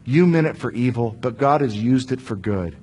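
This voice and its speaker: A man's voice: mid-range voice, lively intonation, normal speed, darkish tone, husky, voice pushed down. A man as Joseph, a forgiving ruler. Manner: commanding then reassuring.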